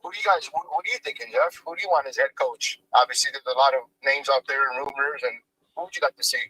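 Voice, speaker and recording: A man calling in to a live fan show, rambling quickly with many fillers. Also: mid-range voice, pushed and bright, poor audio. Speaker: call-in guest. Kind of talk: casual live chat. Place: at work.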